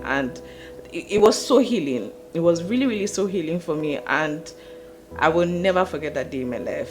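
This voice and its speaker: A young woman talks straight to camera in a lowish voice. She is expressive and laughs easily, doubling words for emphasis. Soft music plays faintly behind her. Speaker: podcast host and mother. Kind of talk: casual confessional talk to camera.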